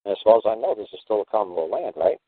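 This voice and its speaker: A man's voice: lowish voice, sing-song, racing, husky, no room sound. A man from the United States, hosting a talk radio show, telling rambling stories in a blunt, profane way. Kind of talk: casual talk radio monologue. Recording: tinny phone-line radio audio.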